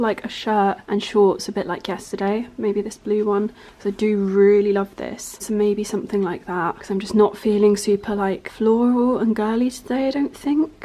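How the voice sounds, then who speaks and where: A young woman chatting casually in a home vlog, bubbly and often dropping into a soft half-whisper. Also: mid-range voice, steady tone, moderate pace, hardly any pauses. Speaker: vlogger.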